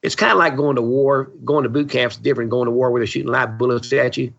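A real estate investor in his seventies guests on a podcast, telling stories bluntly, opinionatedly and with a salty edge in storytelling interview chat. His mid-range voice is quick, fairly even in intonation, a bit bright and marked by vocal fry. The lo-fi recording sounds dull.

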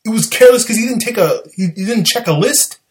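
A man with a Southern US accent, hosting a casual sports talk show and breaking down football plays in an animated, exasperated, argumentative way. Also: high voice, fast talker.

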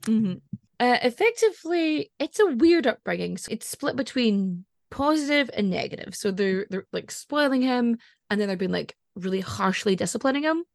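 A woman's voice: on the high side, lively intonation, moderate pace, vocal fry, dry recording, studio quality. A Scottish woman hosting a podcast in casual chat. She is chatty and digressive and laughs often. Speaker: podcast host.

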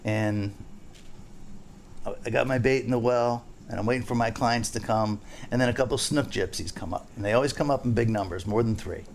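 A man's voice: mid-range voice, brisk, slight background noise. A man who is a fishing guide, hosting a casual podcast chat and rambling through jokes and stories. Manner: rambling, joking, storytelling.

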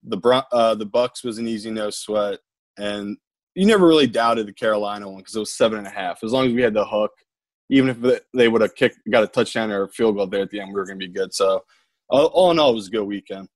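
A man co-hosting a podcast, talking sports bets in a relaxed, matter-of-fact way. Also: lowish voice, fast, no room sound. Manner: laid-back, calls people buddy and man. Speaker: podcast co-host. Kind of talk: casual sports betting chat.

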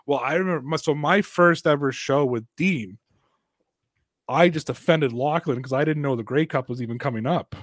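A man telling stories as a podcast guest in casual chat, animated, swearing often and laughing a lot. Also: fairly high pitch, moderate pace, no room sound.

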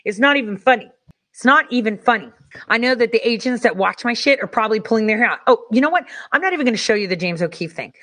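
A woman delivering a heated, profane political rant, angry and rapid-fire. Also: a little high, lively intonation, fairly bright tone.

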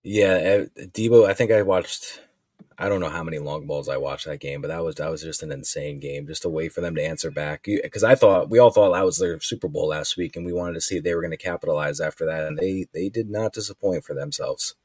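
A man's voice: low-pitched, fairly quick, darkish tone, slightly rough, dry recording, studio quality. A man hosting a casual sports podcast, easygoing, handing topics to his co-hosts. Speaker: podcast host.

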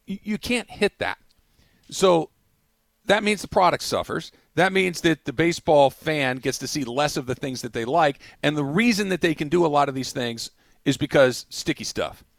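A man hosting a sports radio show, talking in animated, rambling, self-amused banter. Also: a little high, normal speed, creaky, no room sound.

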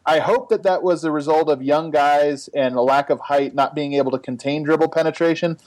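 A man's voice: on the high side, steady tone, fairly quick, darkish tone, no room sound, low-quality recording. A man co-hosting a basketball podcast, giving casual analysis and thinking aloud with frequent restarts. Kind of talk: casual sports analysis chat.

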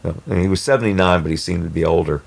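A man telling a personal story in a rambling, halting way with many restarts. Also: low voice, vocal fry. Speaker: storyteller guest. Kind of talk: casual spoken storytelling.

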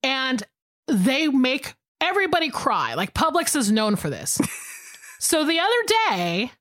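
A woman in her thirties with a fairly high voice co-hosts a podcast in casual chat. She talks emphatically, with plenty of fillers, and her recording is close and dry. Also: sing-song, a little slow, fairly bright tone, dry recording. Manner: chatty, filler-heavy, emphatic. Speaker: podcast co-host.

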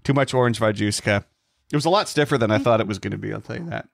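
A man's voice: lowish voice, racing, vocal fry, dry recording, clean studio sound. A man co-hosting a podcast in casual chat, talkative and laughing along, sometimes losing his thread. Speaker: podcast co-host.

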